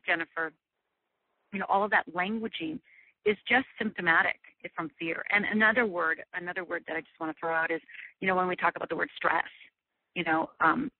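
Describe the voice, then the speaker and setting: A woman's voice: lowish voice, no room sound. Woman teaching by phone, earnest, keeps asking right?, tinny thin sound, dry. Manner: earnest, repeats "right?" often. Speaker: guest teacher on fear. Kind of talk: teleclass talk. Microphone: telephone.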